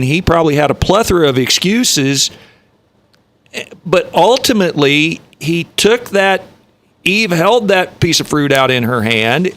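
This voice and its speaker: Emphatic man preaching as show host. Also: a little high. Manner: emphatic, building to forceful peaks. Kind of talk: preachy storytelling chat.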